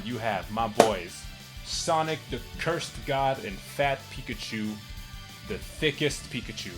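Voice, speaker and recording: A man giving rambling, sarcastic comedic commentary, swearing often and jumping up in pitch for jokes. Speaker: YouTube comedy host. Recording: music playing behind.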